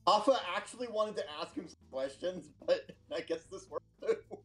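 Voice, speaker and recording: A man's voice: sits high, animated, moderate pace, soft background music, poor audio. A man playing a tabletop game as an unsure newcomer who pokes fun at himself. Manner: unsure newcomer, self-deprecating. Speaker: player.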